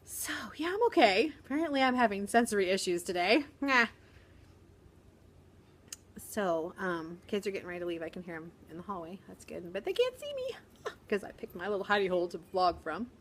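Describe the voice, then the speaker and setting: A middle-aged woman, a first grade teacher, chatting casually in a vlog from a quiet corner of her school, with a sarcastic humor and quick laughs. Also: mid-range voice, big pitch swings.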